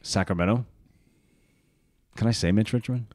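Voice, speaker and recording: A man in his thirties co-hosting a podcast in casual chat, animated and joking, swearing freely. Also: on the low side, moderate pace, dry recording, studio quality. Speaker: podcast co-host.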